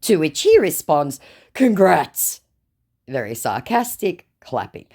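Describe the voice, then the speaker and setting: A woman's voice: sits low, sing-song, normal speed, darkish tone. A woman narrating a storytime vlog, reading out chat messages in a sarcastic, mocking way. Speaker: vlogger recounting scam chats.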